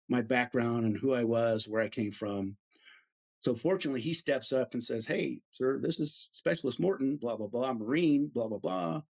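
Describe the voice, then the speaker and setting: A middle-aged American man, an Army veteran, telling stories casually in an interview and acting out the voices of the people he quotes. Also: medium pitch. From United States. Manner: animated storyteller, acts out quoted voices.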